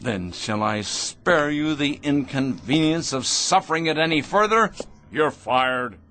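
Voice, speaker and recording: A man's voice: on the high side, lively intonation, a little slow, noisy background. A middle-aged man playing a cold, pompous factory owner who is obsessed with efficiency and speaks condescendingly. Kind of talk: 1960s radio drama acting.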